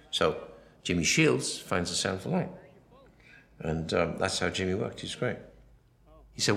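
Deep voiced man rambling through a film commentary, acts out the dialogue, roomy echo. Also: animated, moderate pace, gravelly, pauses often, a bit bright. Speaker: film director.

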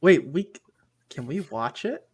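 A man's voice: a little high, very animated, a little slow, slightly rough. A man in casual chat, playful and joking.

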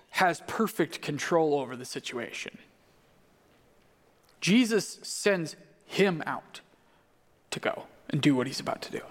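A man preaching a sermon, telling the story vividly and acting out the quoted voices. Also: a little high. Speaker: pastor. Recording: long hall reverb.

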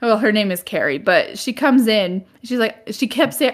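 A woman's voice: medium pitch, lively intonation, moderate pace. A woman co-hosting a podcast, recapping a movie in casual chat, laughing often and groaning "ugh". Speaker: podcast co-host.

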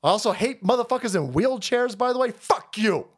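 A man hosting a livestream, ranting loudly and mockingly with constant profanity. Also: extremely high pitch, animated, a little fast, breathy edge. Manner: loud, foul-mouthed, mocking. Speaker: livestream host. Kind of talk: profane rant.

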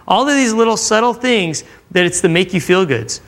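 A youth pastor gives a sermon in a loose, chatty way, turning to the room with questions. His voice sits a touch higher than most men's. He slips into quoted voices as he goes. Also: lively intonation, moderate pace, a bit bright. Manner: conversational, acting out quotes, asks the crowd questions. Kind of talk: sermon to a live audience. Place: church room with audience.

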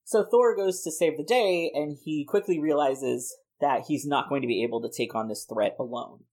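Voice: mid-range voice, moderate pace, darkish tone. Rambling, playful podcast host. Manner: playful, rambling, frequent laughs and many "like" fillers. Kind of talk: casual chat, pitching a comic plot.

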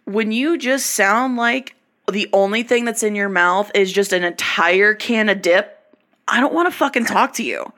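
A woman with a light Southern drawl co-hosts a casual podcast chat, blunt and quick to swear. Her voice is bright and sharp. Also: mid-range voice. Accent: subtle Southern US drawl. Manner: blunt, profane banter.

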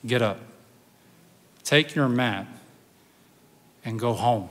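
A man voicing a calm, gentle male healer who speaks slowly and in a hushed, deliberate way. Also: medium pitch, in a large hall, voice pushed down, close to an everyday voice.

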